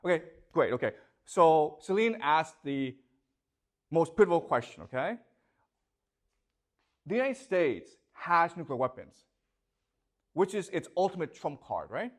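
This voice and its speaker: A man's voice: fairly high pitch, big pitch swings, a little slow, pauses often. A man lecturing a classroom, asking students questions and checking often whether they follow.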